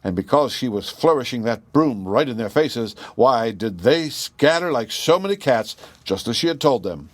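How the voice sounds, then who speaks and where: A man narrating a children's storybook in a gentle, expressive way. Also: mid-range voice, normal speed, few pauses, no echo. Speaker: audiobook reader.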